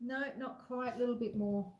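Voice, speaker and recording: A woman's voice: fairly high pitch, fairly even intonation, moderate pace, darkish tone, echoey room, lo-fi sound. An Australian woman hosting a casual live-stream baking chat from her home kitchen. She is chatty and self-deprecating, and she reads viewers' messages aloud while she cooks.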